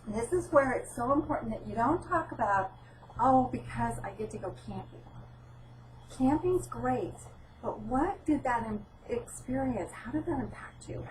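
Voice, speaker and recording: Middle-aged woman presenter, lively storyteller who acts out dialogue; recorded from a distance in a room. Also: a little high, a little hiss or hum. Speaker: presenter at a training session. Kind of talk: informal training talk with personal story.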